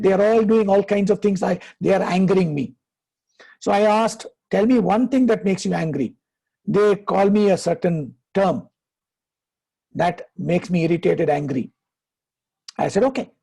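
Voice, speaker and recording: A man, a happiness coach giving advice and telling stories in a deliberate way, slowing down for emphasis. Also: sits high, vocal fry, warm tone, husky. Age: 50s. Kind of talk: conversational advice, storytelling.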